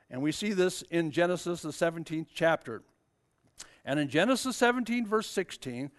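A man's voice: sits high, clean tone. An older man preaching a sermon, telling a Bible story and rising to fervent emphasis.

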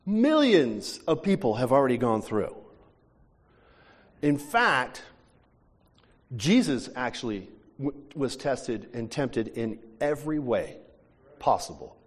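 Male pastor giving a sermon, medium pitch, storytelling with lots of restarts, long hall echo. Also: a little slow, long pauses. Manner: animated storytelling with repeated restarts. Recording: long church hall reverb.

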